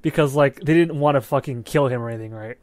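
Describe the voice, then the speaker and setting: A man co-hosting a movie podcast, chatting loosely about films and swearing freely as he goes. His pitch sits in the middle, and he often checks in with a quick "right?". The sound is dry and close, with no room echo. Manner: animated, profane, keeps checking in with "right?". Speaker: podcast co-host. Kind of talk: casual movie review chat.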